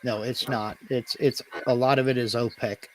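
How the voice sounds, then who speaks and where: A man's voice: mid-range voice, steady tone, moderate pace. Wry, talkative man with noisy audio. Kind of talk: casual chat.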